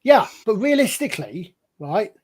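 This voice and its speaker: A man's voice: high voice, big pitch swings, moderate pace, a little mellow, breathy edge. A man co-hosting a casual chat show, explaining things at length in a rambling, storytelling way. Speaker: podcast co-host.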